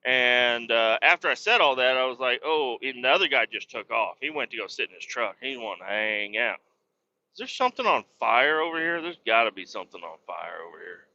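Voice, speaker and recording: Rambling, profane trucker telling a story. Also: male voice, mid-range voice, animated, brisk, bright, forceful tone, muffled recording. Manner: rambling, profane, quotes people in a raised voice. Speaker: podcast host, truck driver. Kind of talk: casual storytelling monologue.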